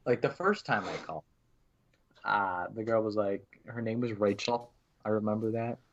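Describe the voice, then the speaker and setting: A man's voice: on the low side, normal speed, dull audio. A man co-hosting a podcast, chatting casually and acting out his phone calls as he tells a story. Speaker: podcast co-host. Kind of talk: casual chat.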